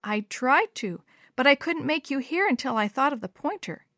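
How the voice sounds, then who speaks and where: A woman's voice: sits high, animated, moderate pace, fairly bright tone, dry recording, studio quality, pitched above the performer's own voice. A woman reading a storybook aloud, voicing a timid, earnest little orphan girl in a small, pleading voice.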